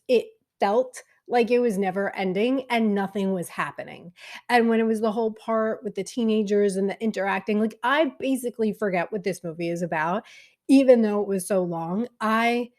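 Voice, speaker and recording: A woman casually reviewing films she watched, chatty and candid, with frequent fillers. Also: medium pitch. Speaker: film vlogger.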